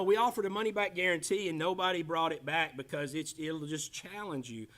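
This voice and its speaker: Joking man teaching Bible class. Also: fairly high pitch. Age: 50s. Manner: joking, animated, teasing the class by name.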